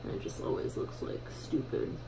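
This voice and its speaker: A woman's voice: moderate pace, background noise. A young woman chatting casually through a makeup tutorial at home in her bathroom, full of fillers and self-mocking asides. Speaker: beauty vlogger.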